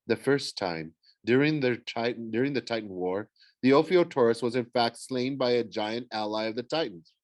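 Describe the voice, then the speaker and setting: A man's voice: medium pitch, normal speed, no room sound, close to an everyday voice. A man voicing a solemn young huntress girl who speaks in a formal, old-fashioned way. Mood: grave.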